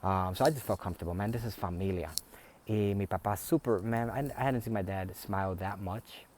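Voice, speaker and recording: A man's voice: on the low side, a little fast, a little mellow, slight background noise. A man telling a personal family story in a rambling, conversational way, full of restarts. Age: adult, a father.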